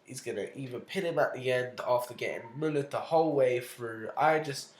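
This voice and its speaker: A young man with a middle-pitched voice, chatting bluntly on a podcast. He swears, grumbles and mocks with a whiny put-on voice. The room adds a roomy echo. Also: fairly quick. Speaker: podcast co-host. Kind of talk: casual chat.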